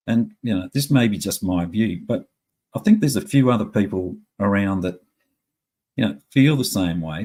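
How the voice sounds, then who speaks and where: Angry husky man ranting. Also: on the low side, darkish tone. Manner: profane, heated, rambling.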